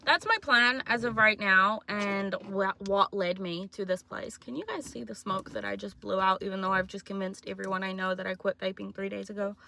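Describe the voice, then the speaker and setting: A woman's voice: mid-range voice, gravelly, bright, forceful tone. A twenty-year-old woman with a New Zealand accent, talking in a chatty, self-mocking, jokey way in a casual confessional vlog. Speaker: vlogger.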